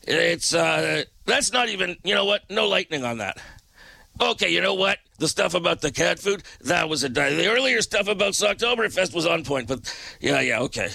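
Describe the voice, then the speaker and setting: A male radio DJ talks casually and with animation from a radio studio. His voice sits high and carries a heavy gravelly crackle with a sharp, bright edge. The studio sound is close and dry. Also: expressive, moderate pace, no echo.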